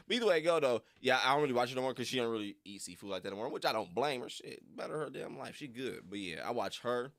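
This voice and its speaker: A man's voice: lowish voice, quick pace, few pauses, fairly bright tone, dry recording, studio quality. A young man rambling casually on a livestream, full of slang and frequent laughter. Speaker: reaction streamer.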